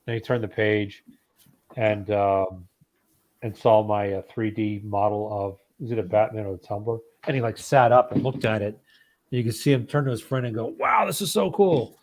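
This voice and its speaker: A man's voice: fairly low pitch, little pitch movement, moderate pace, darkish tone, no echo. A man in a casual online chat, telling a story in a rambling way with many fillers and restarts. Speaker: guest in a geek chat stream.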